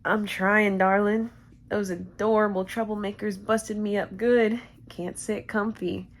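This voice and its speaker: A woman voicing a tough, flirty male cyborg cowboy, reading his lines from a story with a slight twang in a voice pushed a little deeper than her own. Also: flat delivery, a little slow, close to an everyday voice. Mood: drawling.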